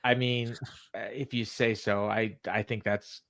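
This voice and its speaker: A man co-hosting a wrestling recap podcast in casual chat, laughing often and filling pauses with "uh". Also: fairly low pitch, flat delivery, fairly bright tone, no echo, clean studio sound. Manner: chatty, laughs often, many fillers. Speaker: podcast co-host.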